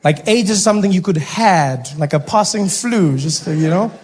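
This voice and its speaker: A South African man performing stand-up, storytelling with lively switches and mock-outraged shouts. His voice sits high for a man. Faint noise runs under the set. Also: normal speed. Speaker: stand-up comedian. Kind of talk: stand-up comedy.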